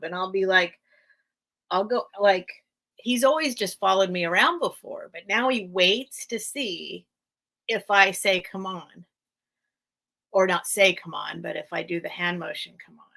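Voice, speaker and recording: A woman's voice: medium pitch, vocal fry, pushed and bright. An American woman hosting a live sale stream, chatting casually and rambling, with frequent laughs. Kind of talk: casual livestream chat.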